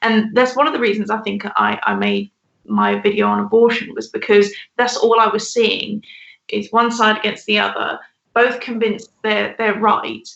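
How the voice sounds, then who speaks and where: A woman's voice: medium pitch, animated, normal speed, gravelly, fairly bright tone, roomy sound, muffled recording. A woman co-hosting a podcast, chatting in a rambling way with many restarts. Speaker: podcast co-host. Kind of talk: casual discussion.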